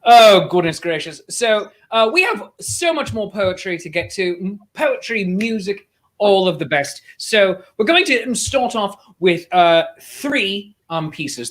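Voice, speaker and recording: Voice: medium pitch, fairly bright tone. A playful host chatting casually and teasing the guests at an online festival over a video call.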